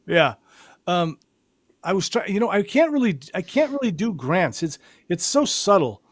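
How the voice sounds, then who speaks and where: A man's voice: sits high, very animated, normal speed, dry recording, clean studio sound. A man hosting a live hypnosis show, chatting casually and rambling with frequent restarts. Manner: rambling, many restarts and fillers. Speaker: hypnotist host.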